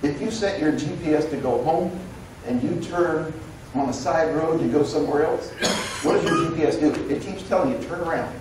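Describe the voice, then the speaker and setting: A man preaching a sermon in a conversational, storytelling way, acting out the voices in his story. His voice sits a little high and comes from some distance off the mic. The church around him rings with heavy echo and a faint hum of room noise. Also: moderate pace. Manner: conversational, animated storytelling with quoted dialogue. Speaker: pastor. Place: church sanctuary. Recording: roomy echo, recorded from a distance.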